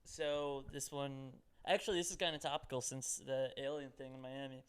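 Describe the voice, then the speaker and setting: A man's voice: medium pitch, steady tone, normal speed, clear, resonant tone. A man co-hosting a podcast who rambles in a giggly, hesitant way, with lots of fillers. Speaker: podcast co-host. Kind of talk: casual comedy chat.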